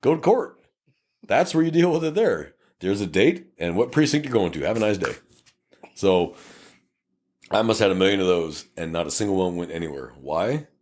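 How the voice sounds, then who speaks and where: A middle-aged Texan man with a fairly low voice, trading cop stories on a podcast. He talks bluntly and swears freely, jumping into animated impressions of angry drivers and officers. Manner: blunt, profane, animated, acts out both sides of traffic stops in quick voices. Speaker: podcast co-host, police officer. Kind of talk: casual storytelling chat.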